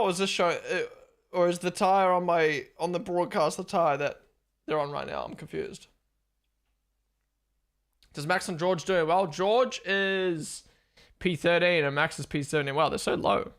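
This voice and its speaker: His voice sitting high, the young host of a live race watchalong keeps up casual, excited chatter. He thinks out loud, swearing along the way.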